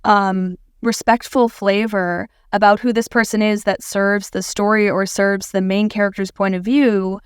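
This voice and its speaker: A woman's voice: mid-range voice, little pitch movement, measured pace, few pauses, clear, resonant tone, no echo, studio quality. A woman co-hosting a podcast, speaking in a reflective, affirming way in casual discussion. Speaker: podcast co-host.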